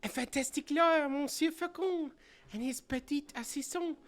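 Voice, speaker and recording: A streamer voicing a naive, chirpy young noble lady in a high sing-song put-on voice while playing a story game. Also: moderate pace, lightly acted.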